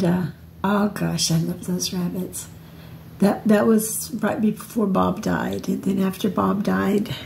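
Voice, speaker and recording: A woman's voice: mid-range voice, gravelly, dark tone, a little hiss or hum. An older woman telling personal stories in a rambling, reflective vlog, often restarting her sentences. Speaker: vlogger.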